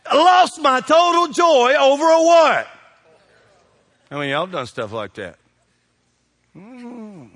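A middle-aged man, a pastor telling funny stories in a sermon, folksy and animated, shouting his punchlines. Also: high-pitched. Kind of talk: humorous sermon storytelling.

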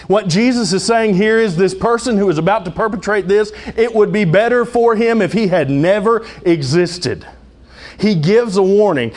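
Male pastor, sermon, slightly high voice, chatty preaching with jokes. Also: darkish tone. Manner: conversational preaching with humor and dramatic asides.

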